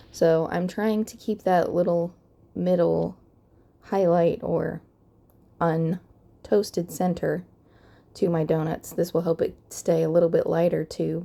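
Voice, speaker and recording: Narrating a voice-over for a card-making craft tutorial, a young woman speaks calmly and methodically. Her voice is fairly low and creaky, crackly from the early morning hour.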